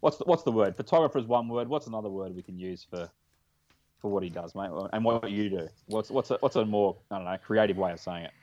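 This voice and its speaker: Fast-talking deep Australian man. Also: darkish tone, highs cut off. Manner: quick, jokey, chatty. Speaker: podcast host. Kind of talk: casual podcast chat.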